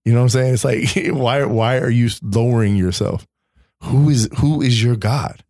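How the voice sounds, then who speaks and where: A man telling a story in a casual faith podcast chat, animated, restarting words and laughing often. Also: medium pitch, moderate pace, dry recording, clean studio sound.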